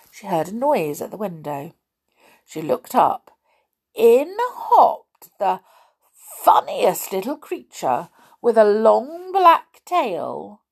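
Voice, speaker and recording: A woman reading a fairy tale aloud, expressive with dramatic pauses. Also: mid-range voice, creaky, breathy edge. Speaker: storyteller.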